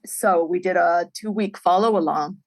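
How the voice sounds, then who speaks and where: A middle-aged woman, a filmmaker guest on a podcast, telling stories in an animated way and laughing often. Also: fairly low pitch, normal speed, poor audio. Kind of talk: storytelling in a podcast interview.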